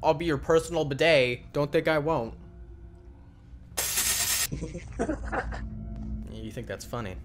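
A man hosting a gaming channel, giving jokey let's-play commentary as he talks to the game and bursts into loud yells. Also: on the high side, fairly quick, few pauses. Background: game music.

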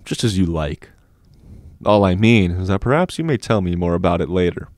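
A man voicing a self-assured older schoolboy who speaks softly and with measured calm. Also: sits low, dry recording, studio quality. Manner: measured, soft, unhurried.

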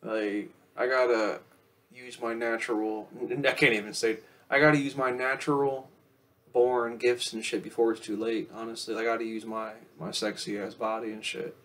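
A young man rambling casually to camera in a profane vlog, swinging between loud outbursts and low mumbles. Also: flat delivery, normal speed. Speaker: vlogger.

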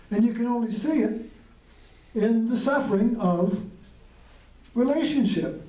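High-voiced man, roomy distant sound. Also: dark tone. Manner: reflective, rambling, chuckles often. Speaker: podcast host. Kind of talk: casual spiritual talk.

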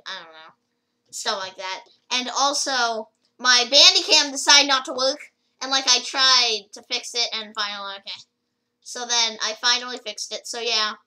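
A woman's voice: fairly high pitch, sharp tone, low-quality recording. A woman rambling casually through a gameplay video, with lots of fillers and restarts as she comments. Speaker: gaming video creator.

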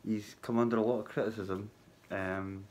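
A man talking casually to his viewers from his hotel workplace at night, halting and full of ums, with a wry sense of humour. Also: on the low side, little pitch movement, darkish tone. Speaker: vlogger. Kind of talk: casual spoken vlog.

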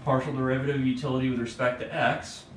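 Relaxed man teaching math in a roomy room. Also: medium pitch, fast. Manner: relaxed, tags points with "right?". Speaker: economics teacher. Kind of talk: casual math lecture. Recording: roomy, distant mic, faint background hum.

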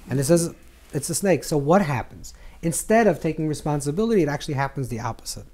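Animated rabbi, higher-pitched man. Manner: animated, repeats words while searching for phrasing; acts out scripture dialogue with swings in pitch and volume. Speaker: rabbi teaching Kabbalah. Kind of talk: lecture to a live group.

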